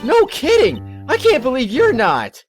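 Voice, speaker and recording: Guy doing a squeaky excited young woman from a game, breathless, all over the place. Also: measured pace, faint music behind, full character voice. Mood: anxious.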